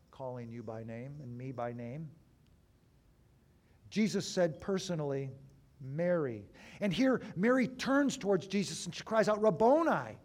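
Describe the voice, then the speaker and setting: Male pastor, fairly high voice, sermon delivery with big dynamic swings from loud to quiet. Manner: dramatic swings between loud and hushed; slow, deliberate pauses.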